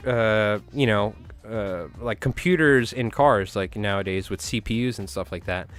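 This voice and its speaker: A man's voice: fairly low pitch, moderate pace, few pauses, a bit bright, soft background music. A man hosting a fly tying live stream, chatting casually with viewers and rambling through anecdotes with frequent chuckles. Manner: rambling storyteller, chuckles often, talks to chat.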